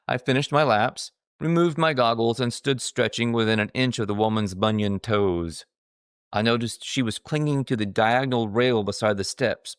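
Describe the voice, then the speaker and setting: Low-voiced man with wry, dry narration. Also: no room sound. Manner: wry, dryly self-mocking humor. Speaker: author narrating his own memoir. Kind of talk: scripted storytelling narration.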